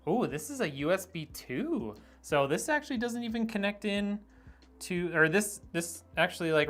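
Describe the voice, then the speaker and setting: Relaxed middle-aged man chatting mid-build. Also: fairly high pitch. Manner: relaxed, thinks aloud with many ums and likes. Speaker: streamer building a PC. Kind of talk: casual live-stream chat while building.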